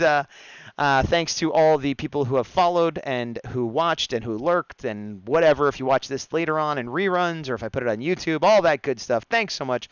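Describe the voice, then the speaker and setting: A man narrates his sketch on a live stream, casual and playful and quick to laugh. His voice is smooth and mid-pitched, recorded close and dry, a little muffled. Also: no echo. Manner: playful and chatty, laughs at his own jokes.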